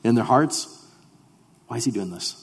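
A man preaching a sermon as pastor. He drops to hushed tones, then rises to loud, fervent declarations. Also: medium pitch, lively intonation, normal speed, vocal fry, slightly rough, big-room sound.

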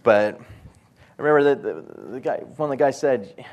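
Male preacher, mid-range voice, storytelling sermon, animated, self-mocking, voiced impressions. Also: mid-range voice, moderate pace, vocal fry, lo-fi sound.

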